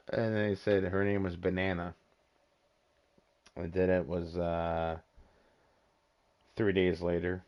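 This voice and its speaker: A man hosting a casual podcast chat, excitable and teasing, swearing freely. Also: low voice, a little slow, pauses often. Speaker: podcast host. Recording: dull lo-fi voice chat.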